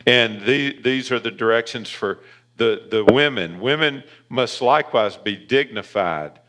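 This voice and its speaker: A man with a Southern accent preaching a sermon as pastor, emphatic and rising in pitch on key points, in a church. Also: measured pace, bright, forceful tone.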